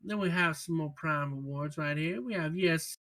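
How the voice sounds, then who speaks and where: Male co-host, bright tense tone, emphatic, casual chat and read-alouds. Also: fairly high pitch, normal speed. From United States. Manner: emphatic, exasperated outbursts. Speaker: podcast co-host. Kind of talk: casual gaming podcast chat and reading patch notes aloud.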